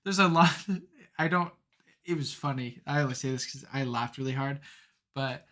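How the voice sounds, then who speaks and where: Bright-voiced young man rambling casually. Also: medium pitch, moderate pace. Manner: rambling, filler-heavy, animated storytelling. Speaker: podcast co-host. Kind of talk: casual chat.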